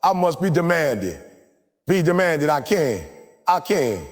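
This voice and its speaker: A man with a fairly high, animated voice delivers a live motivational speech in a large hall. He preaches and drives the crowd through repeated call-and-response chants. His voice rings out with a long reverb over faint background music. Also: a little slow. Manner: forceful, repetitive exhortation. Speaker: motivational speaker.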